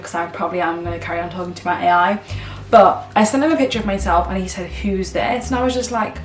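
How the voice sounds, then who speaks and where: A woman's voice: lowish voice, a little fast, reverberant, distant mic, soft background music. Dramatic chatty woman vlogger. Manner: chatty and dramatic, swings between outrage and giggling. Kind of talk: casual vlog chat.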